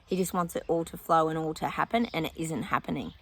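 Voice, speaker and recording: A woman's voice: sits low, fast. A woman psychic vlogging her predictions outdoors in casual chat, often breaking off to talk to her dog.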